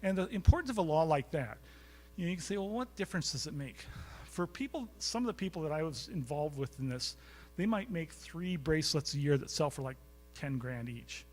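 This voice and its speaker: A man's voice: fairly high pitch, animated, brisk. A man giving a storytelling lecture to a live audience in a college recital hall, chatty and anecdotal, often quizzing the crowd. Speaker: guest speaker.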